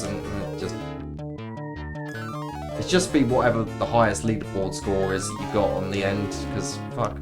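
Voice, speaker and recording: A man's voice: on the low side, steady tone, normal speed. A man streaming a video game, rambling in a sarcastic, playfully profane way. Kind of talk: casual rambling stream commentary. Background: background game music.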